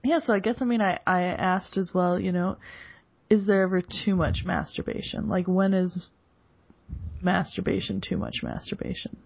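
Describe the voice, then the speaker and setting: Giggly, lowish-voiced woman host for a casual podcast chat; dull lo-fi recording. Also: animated, normal speed, gravelly. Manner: giggly, laughs often.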